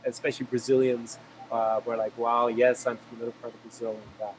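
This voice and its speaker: A man's voice: medium pitch, level tone, noisy background. A man who is a language YouTuber, telling travel stories with enthusiasm in a casual video call chat. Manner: fast, enthusiastic storytelling.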